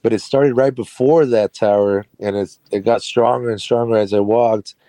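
Man, interview guest, low mellow voice, rambling casual storytelling, laughs often, dry close sound. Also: fairly even intonation, moderate pace, no echo. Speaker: guest, carpentry business owner.

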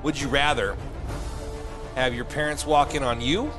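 A man co-hosting a casual quiz chat, playful and quick to laugh. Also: mid-range voice, fairly even intonation, over music. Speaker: podcast co-host.

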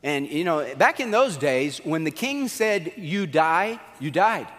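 A male pastor preaching a sermon in an animated, conversational storytelling manner. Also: a little high, a little slow. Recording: long hall reverb.

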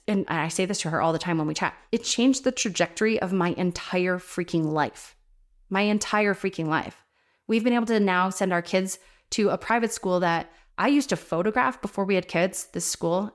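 A woman in her thirties from New Jersey, an online business coach giving a fired-up motivational talk, emphatic and casually swearing. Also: medium pitch. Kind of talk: motivational podcast monologue.

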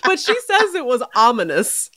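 A woman's voice: fairly high pitch, moderate pace, noisy background. A woman co-hosting a podcast, telling stories in casual chat and laughing often. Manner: animated storyteller who laughs often. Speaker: podcast co-host.

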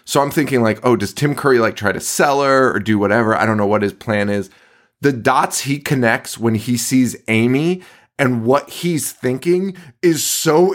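A man co-hosting a casual movie podcast, swearing often, laughing and acting out lines from scenes. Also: medium pitch. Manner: profane, laughing, acts out quotes. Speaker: podcast co-host. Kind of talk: casual chat reviewing a movie.

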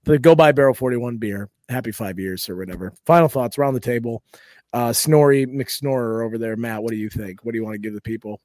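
A man hosting a casual podcast, energetic and teasing as he runs the table. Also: mid-range voice, fairly quick, no room sound. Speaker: podcast host.

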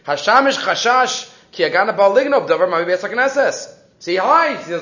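Animated high-voiced man teaching Torah. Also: fairly quick, echoey room, lo-fi sound. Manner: animated storytelling, mixing Hebrew and English, frequent restarts. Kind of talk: weekly Torah class.

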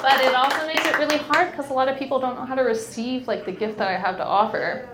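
Frank young woman, giggly, swears freely, fairly high voice, roomy echo. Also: steady tone, quick pace, very noisy. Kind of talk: candid casual chat.

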